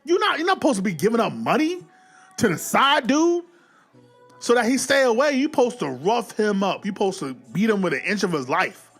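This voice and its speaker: A man giving a casual, animated movie recap, swearing freely and acting out the scenes as he goes. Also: high voice, a little fast, slightly rough, faint music behind. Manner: animated, profane, acts out scenes. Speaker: film reviewer.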